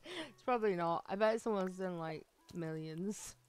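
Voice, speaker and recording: A woman chatting casually on a game live stream, excitable and giggly, with lots of likes and ums. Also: lowish voice, moderate pace, a little hiss or hum. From United Kingdom.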